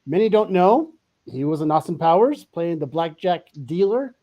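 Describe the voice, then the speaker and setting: A man's voice: fairly high pitch, sing-song, normal speed, mellow. A man hosting a podcast in casual chat, rambling and eager with lots of fillers. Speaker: podcast host.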